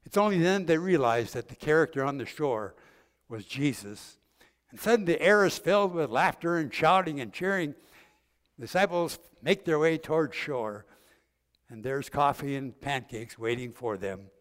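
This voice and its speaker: An older man preaching a sermon, gently retelling a story with vivid detail and acted-out quotes. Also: on the high side, expressive, moderate pace. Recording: long hall reverb.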